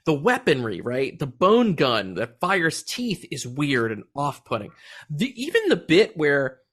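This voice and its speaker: A man with a slightly high, fairly bright voice hosts a movie podcast. He reviews films in an animated, casual way, laughing often and cursing occasionally.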